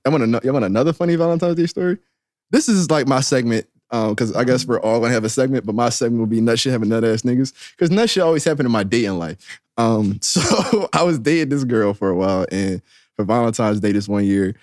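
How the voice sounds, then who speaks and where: A man's voice: medium pitch, quick pace, no echo, studio quality. A young man co-hosting a casual podcast, telling stories with many laughs and acted-out quotes. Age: young adult. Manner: animated storyteller, laughs often, acts out quotes. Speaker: podcast co-host. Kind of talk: casual storytelling chat.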